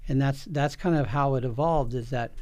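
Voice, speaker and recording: A man's voice: mid-range voice, normal speed, no echo. Earnest middle-aged man telling a story. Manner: earnest, emotional, animated storytelling with many restarts. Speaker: OB-GYN guest. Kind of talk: candid personal storytelling interview.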